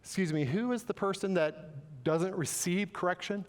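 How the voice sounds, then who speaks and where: A man preaching a sermon, animated and playful, acting out quoted voices with joking asides. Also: sits high, normal speed, big-room sound. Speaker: pastor. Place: church sanctuary.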